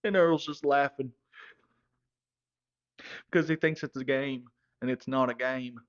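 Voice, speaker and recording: A man's voice: medium pitch, fairly even intonation, unhurried, dull audio. A man telling a rambling comedic story in a drawl, often correcting himself. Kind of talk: comedic monologue.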